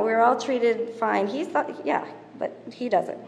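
Middle-aged woman running a parenting class; higher voice, chatty and laughing, in a reverberant hall. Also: normal speed, creaky. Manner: chatty storyteller, laughs often, mimics her kids; moves around constantly while talking. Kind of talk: casual teaching talk to mothers. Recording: roomy hall reverb, faint background noise.

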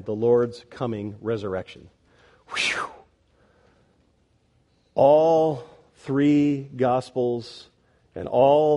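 A male pastor preaching a sermon, swinging between loud, emphatic declarations and quiet, pleading passages. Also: medium pitch.

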